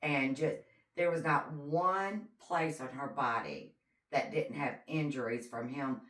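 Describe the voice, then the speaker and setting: Very deep-voiced woman retelling a case. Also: slow pace. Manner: animated storyteller, acts out quotes. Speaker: podcast co-host. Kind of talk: casual chat retelling a true crime case. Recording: roomy echo, distant mic.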